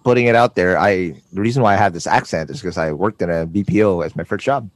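A man's voice: deep voice, quick pace, no echo. A man from the Philippines hosting a casual podcast interview, asking long, rambling questions that repeat words and drift off on tangents. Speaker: podcast host.

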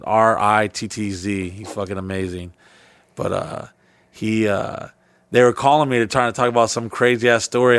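A man's voice: lowish voice, dry recording. A man hosting a casual podcast, rambling through stories with lots of swearing and restarts. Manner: rambling storyteller, heavy swearing, jumps to loud mimicked voices. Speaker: podcast host.

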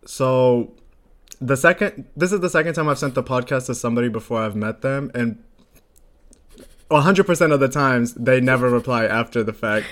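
A man's voice: mid-range voice, normal speed. Young male podcast co-host with a mid-range voice, telling stories casually and acting out what people said. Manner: animated storyteller, acts out quotes, laughs often. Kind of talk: casual chat.

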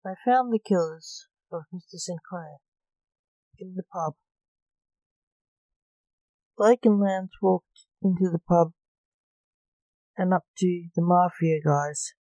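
A woman narrating a story in a calm, even reading voice. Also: lowish voice, slow pace, pauses often, dry recording.

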